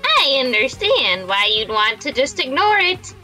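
A woman's voice: high voice, sing-song, measured pace, pushed and bright, faint music behind, full character voice. A woman voicing an earnest, musing young character. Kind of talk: fan voice acting of a game.

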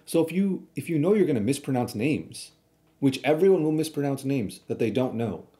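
A man's voice: medium pitch, animated, brisk, dark tone. A man streaming a reaction video, arguing bluntly in a casual, rambling way with frequent restarts.

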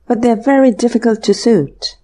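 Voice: mid-range voice, mellow, pitched above the performer's own voice, natural voice. A narrator voicing an awkward, easily flustered young man who talks hesitantly and in a hurry, in an audiobook. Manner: hesitant, hurried.

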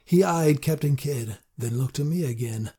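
A man's voice: mid-range voice, moderate pace, dark tone, slightly rough. A man earnestly narrating a first-person fantasy audiobook.

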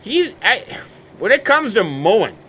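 A man's voice: sits high, measured pace, husky. A man giving casual gameplay commentary as a folksy, hammy farmer character full of exclamations. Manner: folksy, hammy farmer persona with stock catchphrases; animated, exclaiming. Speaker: let's play host.

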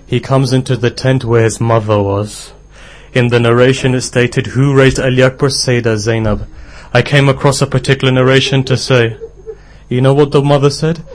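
A man's voice: mid-range voice, steady tone, moderate pace. A man giving an emotional sermon, speaking directly to the congregation and often raising his voice. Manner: impassioned, addresses the congregation directly; rises to a strained, raised voice at the climax. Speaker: preacher giving a mourning lecture.

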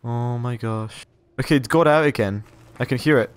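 A young man playing a horror game and talking through it, jittery and quick to exclaim and repeat words when scared. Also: medium pitch, clean tone. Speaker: gaming YouTuber. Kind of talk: horror game let's play commentary.

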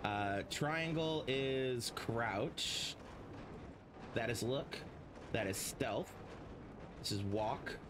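A man talks through a video game as he plays, rambling and chatty, swearing freely along the way. His voice sits at an ordinary middle pitch. A steady hiss of background noise runs under his home stream mic. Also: extremely slow, pauses often. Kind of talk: casual gameplay commentary.

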